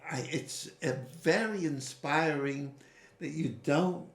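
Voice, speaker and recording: Male guest, lively storyteller with sudden pitch jumps, recorded in an echoey room. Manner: animated, with sudden rises in pitch and quick asides. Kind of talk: storytelling interview answers. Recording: roomy echo.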